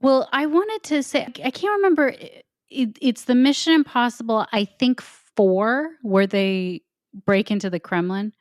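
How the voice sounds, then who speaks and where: A woman's voice: fairly high pitch, measured pace, no echo, clean studio sound. A woman co-hosting a casual chat, telling rambling stories with many restarts. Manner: chatty, rambling storyteller with restarts. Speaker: co-host.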